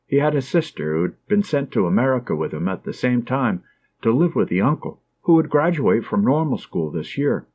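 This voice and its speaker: A man narrating a classic novel as an audiobook in a measured, expressive way. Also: medium pitch, dull audio.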